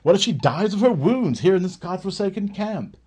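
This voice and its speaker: Male reader plays a bold gypsy leader; declamatory, commanding, pitched up. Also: expressive, a little fast, darkish tone, slightly rough. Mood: frustrated. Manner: booming, declamatory orders.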